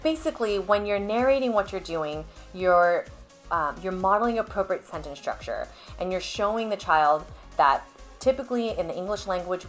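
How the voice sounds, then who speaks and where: A woman speech therapist patiently explaining to parents how to build a child's language at home, stepping through clear examples. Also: on the low side, moderate pace, soft background music. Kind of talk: instructional video talk to parents.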